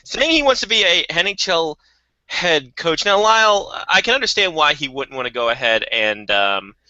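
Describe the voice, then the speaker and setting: A man co-hosting a hockey talk show, joking in quick casual banter. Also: on the high side, sing-song, bright, forceful tone, no echo, dull audio.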